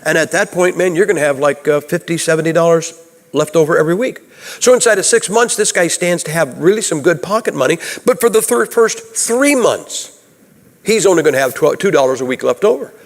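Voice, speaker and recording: A Baptist preacher man delivers a homespun sermon, peppering it with questions to the congregation. His voice sits a little high for a man. The sound rings with the long reverb of a church sanctuary. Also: lively intonation, brisk. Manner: folksy, conversational, asks the audience questions.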